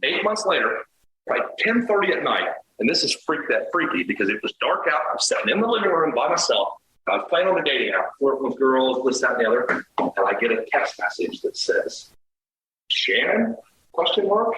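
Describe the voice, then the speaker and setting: A middle-aged man telling a dating story as a podcast guest, animated, swearing and acting out the quoted lines. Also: mid-range voice, brisk, echoey room, low-quality recording. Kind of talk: casual storytelling.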